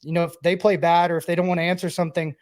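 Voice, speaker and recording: A man's voice: on the high side, flat delivery, very fast, darkish tone. A man co-hosting a sports podcast, a former player turned broadcaster who talks in a loose, rambling way full of "like". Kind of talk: casual sports podcast chat.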